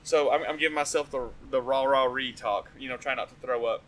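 A man casually telling a rowdy story on a podcast, animated and swearing, laughing often. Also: mid-range voice, fairly quick, rough recording.

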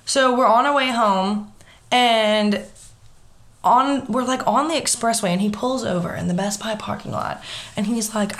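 A young woman telling a story in casual chat, animated and swearing freely. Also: on the high side, unhurried.

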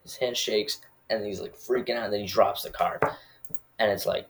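A man's voice: on the low side, steady tone, normal speed. A man casually recapping a movie, rambling and full of filler words.

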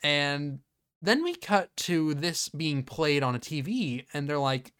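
Male podcast host, slightly higher voice, swears freely and acts out scenes as he recaps them. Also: unhurried, clear, resonant tone. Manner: profane, animated retelling with quoted bits. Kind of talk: casual movie review chat.

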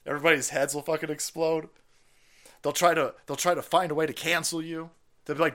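A man hosting a livestream, ranting in a profane, sarcastic, mocking way, often laughing and yelling. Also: a little high, a little fast. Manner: frequent laughter and sudden yells. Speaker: stream host. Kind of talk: livestream commentary rant.

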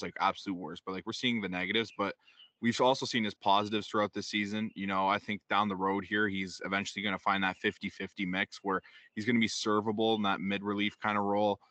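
A man's voice: fairly low pitch, sharp tone, no echo. A man co-hosting a sports podcast, rambling in casual talk with many fillers. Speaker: podcast co-host.

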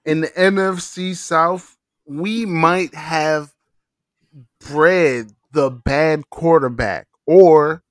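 Man, podcast host, slow and emphatic, slightly high voice, dry close sound. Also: no echo. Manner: slow, emphatic, profane banter. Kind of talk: casual sports chat.

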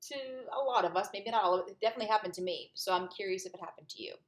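A woman's voice: medium pitch, racing. A woman hosting a podcast who asks questions casually and rephrases herself as she goes. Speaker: podcast host. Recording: roomy echo.

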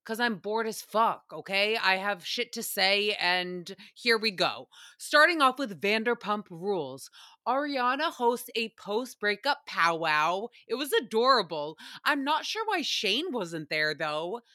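Bright-voiced chatty woman podcast host. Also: mid-range voice, sing-song, a little slow, dry recording, clean studio sound. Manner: chatty, swears freely, laughs often. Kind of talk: casual TV recap chat.

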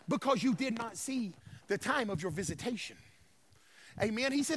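A male pastor in full sermon mode, with a strikingly high, piercing voice. He swings between loud shouted proclamations and quiet, hushed passages, and he keeps calling out to the room with a "y'all". The sound is close and dry. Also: lively intonation, normal speed, long pauses, no echo. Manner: calls to the congregation, y'all. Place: church sanctuary.

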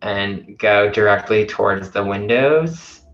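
Bright-voiced young man, slightly muffled recording. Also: on the low side, takes it slowly. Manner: animated, goofy asides. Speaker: podcast co-host. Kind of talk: casual chat. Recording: slightly dull sound, faint background noise.

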